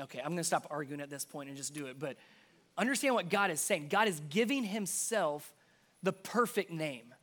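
A man preaching a sermon, emphatic, repeating key phrases and dropping to a hush for stress. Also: a little high, moderate pace.

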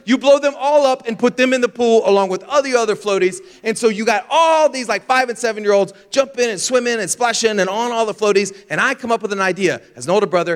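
A young man preaching a sermon, telling a funny childhood story with lively shouts and gasps, then turning reflective. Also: sits high. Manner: animated storyteller, acts out scenes with shouts and gasps. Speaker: pastor. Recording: long hall reverb.

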